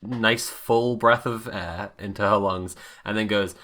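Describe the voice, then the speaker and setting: A man with a lowish voice, playing at a tabletop game table while nursing a cold. He jokes around and swears casually as he describes what his character does. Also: steady tone, unhurried, hardly any pauses, bright, forceful tone. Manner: joking, swears freely. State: has a cold. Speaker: player.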